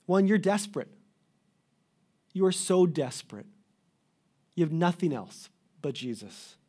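A middle-aged man preaches a sermon with earnest, pleading emphasis, sometimes breaking off and restarting a phrase. His voice sits a little high but sounds mellow and warm. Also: animated, unhurried. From Canada. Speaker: pastor.

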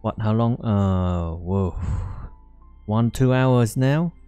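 A man giving halting, rambling commentary while playing a game, with many fillers. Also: lowish voice, warm tone, clear, resonant tone, no echo, highs cut off, soft background music. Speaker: let's play host. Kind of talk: casual gameplay commentary.

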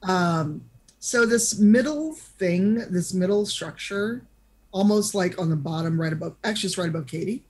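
A woman narrating an online tabletop game as game master, chatty and halting with lots of fillers. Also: mid-range voice, slightly rough. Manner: chatty, hesitant with many fillers.

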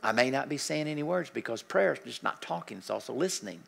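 An older man preaching a healing sermon, telling stories with lively acted-out dialogue and dropping to soft, murmured prayers. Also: medium pitch, fast talker, gravelly, breathy edge. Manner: animated storytelling, acting out dialogue, drops to soft prayerful murmurs. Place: church sanctuary.

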